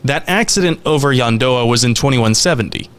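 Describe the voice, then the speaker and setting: A man hosting a podcast, explaining game lore in a steady storytelling way. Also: mid-range voice, fairly quick, clean tone. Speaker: podcast host.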